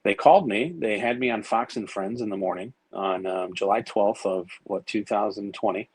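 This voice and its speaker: A man's voice: lowish voice, moderate pace, darkish tone, husky, no room sound, poor audio. A man guesting on a podcast, telling long, rambling stories with plenty of fillers and some swearing. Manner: rambling, profane, many fillers and restarts. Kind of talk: casual storytelling.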